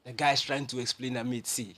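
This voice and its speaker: A man's voice: mid-range voice, steady tone, fast, crowd noise. A Ghanaian man hosting a radio breakfast show, telling a story animatedly and acting out the voices. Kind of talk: lively studio banter. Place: radio studio.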